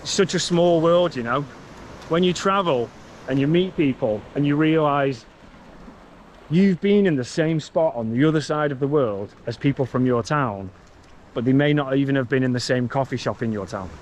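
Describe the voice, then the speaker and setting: A man's voice: mid-range voice, normal speed, slight background noise, poor audio. A man with a Warrington accent, chatting casually while walking along a beach, telling stories in a self-mocking way. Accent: northern English, Warrington. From England. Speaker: travel vlogger. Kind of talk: casual walking vlog chat. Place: outdoors on a beach.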